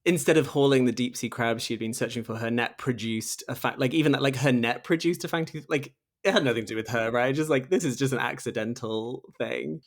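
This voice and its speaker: A man's voice: medium pitch, quick pace, few pauses. A man hosting a podcast, reading a poem closely in conversation, enthusiastic and often saying "like" and "right?". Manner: enthusiastic, says "like" and "right?" a lot. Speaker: podcast host.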